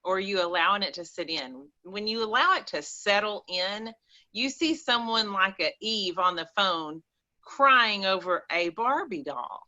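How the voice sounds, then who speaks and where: A woman with an East Texas accent, chatting as a caller on a call-in show in an animated, rambling, folksy way. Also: medium pitch, unhurried, lo-fi sound. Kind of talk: casual chat.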